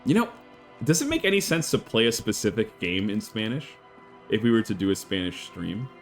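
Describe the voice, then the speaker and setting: A man streaming a game, chatting casually with an animated, rambling storytelling manner. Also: fairly low pitch, brisk. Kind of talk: casual chat while playing a game. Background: faint game music.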